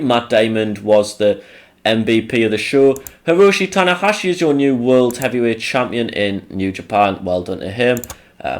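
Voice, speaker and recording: A young man hosts his channel and rambles through casual commentary on a wrestling sim game. His delivery is sarcastic and peppered with swearing. His voice swings widely up and down in pitch. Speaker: channel host.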